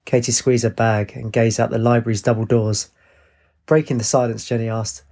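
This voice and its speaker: Male audiobook narrator, husky tone, mid pitch, steady plain delivery. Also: normal speed. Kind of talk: audiobook reading with character voices.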